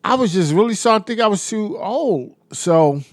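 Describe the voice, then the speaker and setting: A middle-aged man with a New York-area accent, a guest answering interview questions calmly in casual chat. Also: high voice, normal speed, no room sound, clean studio sound. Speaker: guest, hip-hop artist.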